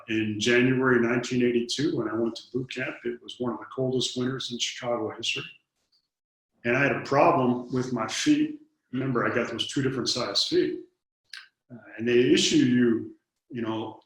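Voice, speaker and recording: A man's voice: mid-range voice, fairly even intonation, normal speed. A man in his fifties from Detroit, telling personal stories in an interview and acting out the dialogue, often repeating his first words. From Detroit, United States. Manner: earnest storyteller, acts out dialogue, repeats words when starting a thought. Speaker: interview guest. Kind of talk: storytelling in an interview. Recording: very echoey room.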